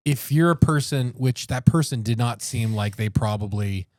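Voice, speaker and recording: A man's voice: medium pitch, normal speed, darkish tone, no room sound. Chatty, laughing male podcast host. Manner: chatty, laughs often, heavy fillers. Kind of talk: casual chat.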